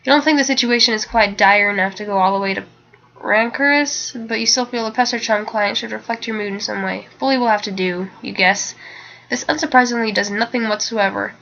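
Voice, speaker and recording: A woman's voice: medium pitch, brisk, gravelly, fairly bright tone. A young woman reading a webcomic aloud in a casual way. She is sleepy, keeps yawning, and trips over words she is unsure of. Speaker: webcomic reader. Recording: dull lo-fi home mic.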